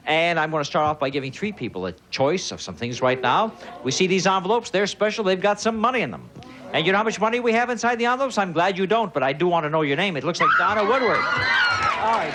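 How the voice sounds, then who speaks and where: High, lively man hosting a game show. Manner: joking, teasing banter with contestants. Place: large television studio. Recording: live studio audience and noise behind.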